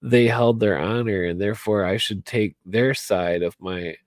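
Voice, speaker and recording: With a lowish voice at a moderate pace and no echo, this radio host has had a few drinks and rambles through a late-night monologue, swearing and repeating himself as he keeps returning to the same points.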